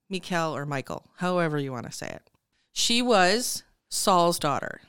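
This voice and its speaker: A woman retells an old Bible story for her podcast co-hosts in an easy, chatty way and laughs often. Her voice sits low for a woman and sounds smooth and clean. The recording is close and dry. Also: a bit bright, dry recording. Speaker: podcast co-host. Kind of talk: casual Bible discussion.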